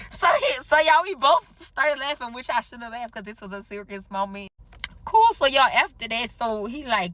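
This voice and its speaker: A woman telling a storytime vlog, talking straight to her viewers, swearing freely and animated. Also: high-pitched, moderate pace, no room sound. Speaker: storytime vlogger. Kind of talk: casual storytime.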